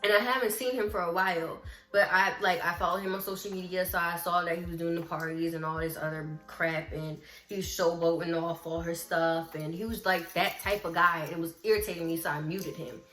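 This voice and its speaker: A woman vlogger telling a story in casual chat, lively, acting out what people said and talking straight to her viewers. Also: lowish voice, fairly quick, few pauses. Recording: roomy echo with faint music.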